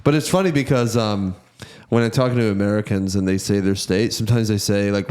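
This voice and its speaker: A man's voice: on the low side, a little fast, darkish tone. A man on a comedy podcast, telling rambling stories full of acted-out quotes in casual chat.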